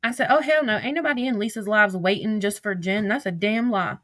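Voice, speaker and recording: A woman's voice: medium pitch, a bit bright, no echo. A young woman, reading texts aloud on a livestream in a heated, profane rant. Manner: heated, profane, rapid rants.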